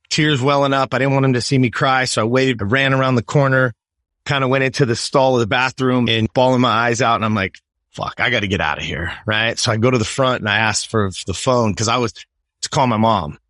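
A man's voice: medium pitch, steady tone, a little fast, a bit bright, no echo, studio quality. A man in his fifties from California, telling a personal story as a podcast guest in an emphatic, profane way and often checking in with "right?". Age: 50s.

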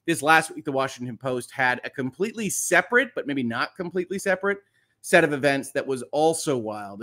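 A man's voice: medium pitch, sharp tone. A middle-aged man, hosting a casual morning live stream in an upbeat, chatty way with many fillers. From United States. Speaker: host.

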